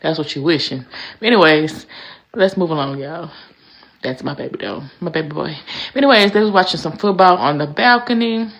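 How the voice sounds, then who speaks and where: A middle-aged woman with a low voice that has a gravelly fry running through it. She narrates her own vlog in a loose, chatty way, drawing out words and circling back with "anyways" every few sentences. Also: fairly quick, a bit bright. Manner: chatty, drawling, repeats "y'all" and "anyways". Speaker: vlogger. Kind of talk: casual vlog voice-over.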